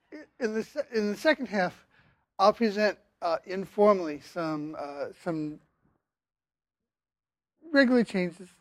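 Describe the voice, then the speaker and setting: Older man, professor lecturing, slow unhurried delivery, halting with fillers, dry close sound. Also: a little high, no echo. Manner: halting, many fillers and restarts. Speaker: linguistics professor. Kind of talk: university lecture.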